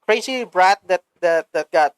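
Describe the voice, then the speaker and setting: A woman with a Filipino accent, chatting as a podcast co-host, animated and swearing freely, slipping Filipino words into English. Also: fairly low pitch, measured pace, smooth, no room sound, poor audio. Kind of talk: casual chat.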